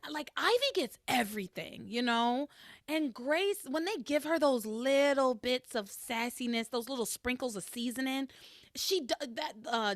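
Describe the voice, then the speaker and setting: Podcast host, woman, lively swooping pitch, dry close sound, swears a lot. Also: dry recording. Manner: animated, expressive, swears freely. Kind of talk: casual chat.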